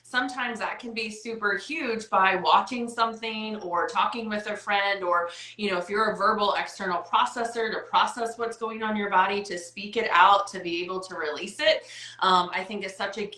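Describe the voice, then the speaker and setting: A woman hosts a casual wellness chat over a video call. Her voice is bright and forward, and she talks in an upbeat, chatty way, full of "like" and "right?". A roomy echo hangs around her voice. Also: mid-range voice, fairly even intonation, moderate pace. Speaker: host.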